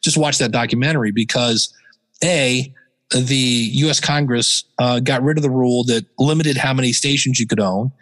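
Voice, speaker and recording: A man, a podcaster being interviewed, chatting casually and telling animated stories with bits of mimicry. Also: mid-range voice, normal speed, long reverb tail, rough recording. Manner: animated storyteller, jumps into mimicry. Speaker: podcaster guest.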